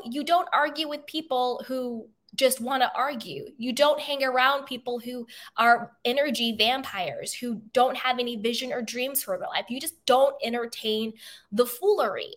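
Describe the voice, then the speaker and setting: A woman hosts a self-help podcast, her slightly high, bright voice forceful and emphatic. She speaks motivationally and repeats key phrases for effect.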